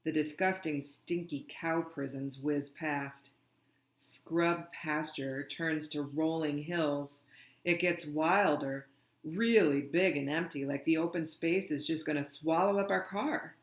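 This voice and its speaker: A storybook reader takes the chapter slowly and deliberately, letting each line settle. The voice sits mid-range. The room gives it a roomy, echoey ring. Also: medium pitch. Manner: slow, deliberate read-aloud. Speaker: audiobook reader. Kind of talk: reading a children's novel aloud.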